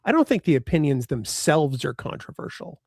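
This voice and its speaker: A man's voice: a little high, big pitch swings, moderate pace, gravelly, darkish tone, slightly rough, no room sound, clean studio sound. A man co-hosting a live fan show in casual chat, greeting viewers in the chat and joking around. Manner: chatty, reads out chat names, joking. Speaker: podcast co-host.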